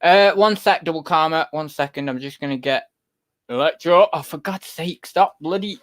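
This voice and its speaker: A man's voice: on the high side, normal speed. A young British man hosting a casual livestream, rambling to viewers in the chat. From United Kingdom. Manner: rambling, talks to viewers and to his cat. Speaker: livestream host, online reseller.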